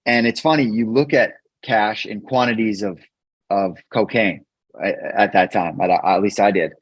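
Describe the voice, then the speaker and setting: Low-voiced man telling his recovery story. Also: steady tone, dry recording. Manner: earnest, halting, repeats words when emotional. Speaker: podcast guest. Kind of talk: candid personal storytelling. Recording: dull, dry podcast mic.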